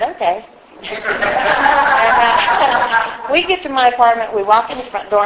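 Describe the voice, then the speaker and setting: Woman sharing her sobriety story at a meeting, mid pitch, laughs at herself, faint hum behind. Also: poor audio. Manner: candid, laughs at herself, acts out quoted voices. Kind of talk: personal story told to a group.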